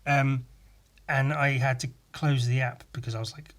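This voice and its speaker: An English podcast host with a medium-pitched, slightly bright voice delivers a casual solo rant at normal speed with lively intonation. He peppers it with sardonic, sweary, mock-outraged asides.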